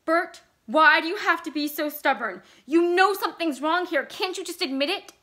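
A frightened wife whose voice runs shrill and high, loud and close to cracking, as a woman reader puts her on. Her bright, tense edge makes every line sound strained. It is a storybook reading, not a staged drama. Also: normal speed. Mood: hysterical. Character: anxious shrill wife, near breaking.

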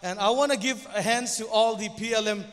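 A man's voice: high voice, a little fast, a bit bright, in a large hall. A young man whose first language is Zomi, preaching as guest pastor in English, hesitant, with many stumbles and restarts. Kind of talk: church sermon.

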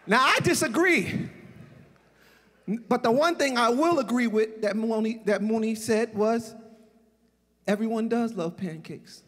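Man, forties, comic eulogy speaker, high husky voice, echoing memorial hall. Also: measured pace, pauses often. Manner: casual, laughing, animated storytelling.

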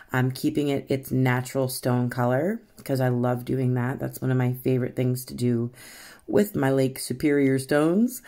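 Canadian woman, very deep voice, giggly chatty tutorial host, rambling. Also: darkish tone. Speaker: rock painting channel host. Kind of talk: casual painting tutorial chat.

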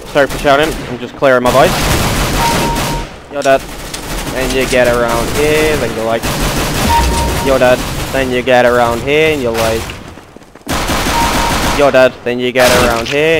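A man's voice: mid-range voice, fairly even intonation, unhurried, long pauses, very noisy. A man giving casual, playful commentary on his own gameplay, swearing and yelping when surprised. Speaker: gaming video host. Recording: game gunfire over the voice.

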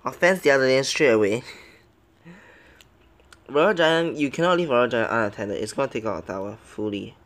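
A young man narrating his own gameplay live, his voice sitting at an ordinary middle pitch. He talks through each move half to himself, then bursts into yelps and begs the game when things go wrong. The delivery is casual, quick to react and never scripted. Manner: excitable, swings between muttering plans and loud yelps. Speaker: game commentator.

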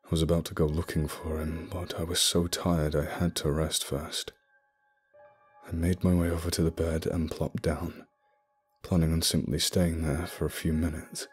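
Husky, deep-voiced man narrating horror. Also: flat delivery, moderate pace. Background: soft music.

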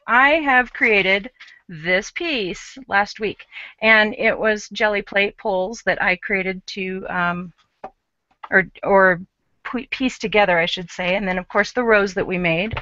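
Woman, craft show host, chatty, thinks aloud, bright tone, dull lo-fi sound. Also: medium pitch, no echo. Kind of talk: live-streamed craft demo. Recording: dull, lo-fi live stream.

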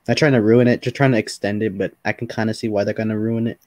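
A man streaming and chatting casually with friends, easily worked up and repeating himself when excited. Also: on the low side, fast talker, dry recording. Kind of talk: casual voice chat.

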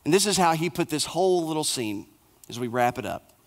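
A male pastor preaching a sermon in short, repeated, emphatic phrases, dropping soft and low for the somber passages. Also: animated, brisk.

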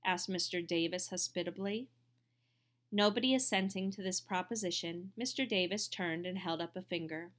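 A woman narrating an audiobook in a measured, expressive reading voice. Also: mid-range voice. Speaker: audiobook reader.

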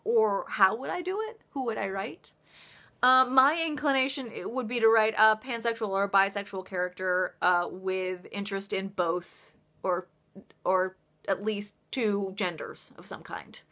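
Bright, chatty woman author. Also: mid-range voice, unhurried. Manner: chatty and rambling, laughs often, many fillers. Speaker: author hosting a livestream. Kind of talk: casual livestream chat.

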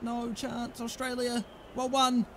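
A young man commentating his own football video game, excitable, groaning and then yelling at the play. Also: extremely high pitch, takes it slowly, a little hiss or hum. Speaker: gaming commentator. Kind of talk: live gameplay commentary.

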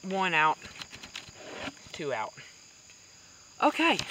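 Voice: medium pitch, normal speed. Chatty hunting vlogger outdoors. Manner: chatty, talks to viewers, drops to a whisper while stalking. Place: outdoors in woods. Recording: outdoor noise with crickets. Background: crickets and insects.

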